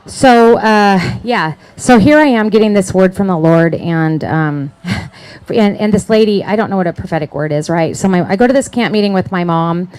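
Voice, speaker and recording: A middle-aged woman giving a personal testimony at an indoor gathering, telling her story with lively acted-out quotes and laughter. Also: mid-range voice, normal speed, clear, resonant tone. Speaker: conference speaker. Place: indoor event hall.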